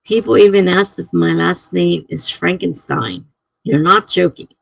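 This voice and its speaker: A woman's voice: fairly low pitch, measured pace, gravelly, no echo, rough recording. A middle-aged woman streaming live, chatting casually and chuckling as she reads out viewer comments.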